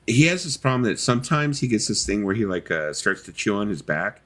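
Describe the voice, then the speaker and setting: A man's voice: on the low side, big pitch swings, fairly quick, a bit bright. A middle-aged man co-hosting a casual live stream chat, telling rambling stories and acting out what others say. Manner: rambling storytelling, acts out quoted voices.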